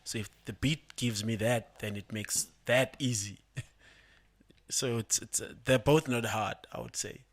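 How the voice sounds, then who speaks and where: A young man, a rapper, calmly explaining his songs in a casual podcast chat, laughing often. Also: mid-range voice, unhurried. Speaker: guest rapper.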